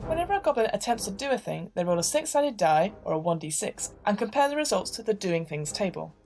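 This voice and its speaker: A woman reading out the rules of a tabletop game in a steady, explanatory way. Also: medium pitch, fast talker, music in the background. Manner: steady, clear rule explanation.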